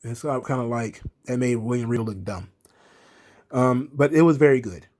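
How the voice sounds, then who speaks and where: A man's voice: mid-range voice, normal speed, darkish tone. A man giving a casual, sarcastic recap of a wrestling show, swearing often and speaking bluntly. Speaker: wrestling commentary host.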